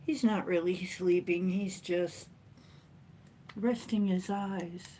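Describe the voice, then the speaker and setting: A woman hosting a casual livestream chat from home, rambling and chatty with frequent laughs and playful jumps in pitch. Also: fairly even intonation, takes it slowly, warm tone, a little hiss or hum. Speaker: livestream host. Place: at home, sitting in a chair with a cat.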